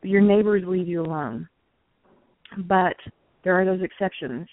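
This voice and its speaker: A woman's voice: fairly low pitch, a little slow, no room sound. Earnest woman on a tinny line. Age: 40s. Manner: earnest, preachy. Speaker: guest. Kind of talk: casual conversation. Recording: tinny phone line, dry.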